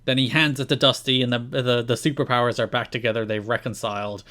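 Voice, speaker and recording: A young adult man co-hosting a podcast, recapping wrestling shows in casual chat and telling the story with lively enthusiasm. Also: mid-range voice, fast talker. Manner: enthusiastic, animated storyteller who acts out quotes. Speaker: podcast co-host.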